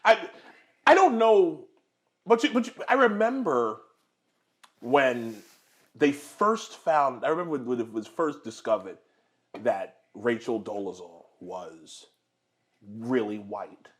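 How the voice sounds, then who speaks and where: Guy hosting a dinner chat at home, mid pitch, keeps restarting sentences, laughs a lot. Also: animated, slow, long pauses. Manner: rambling with many restarts and fillers, laughs often. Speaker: host. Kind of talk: casual political chat over dinner.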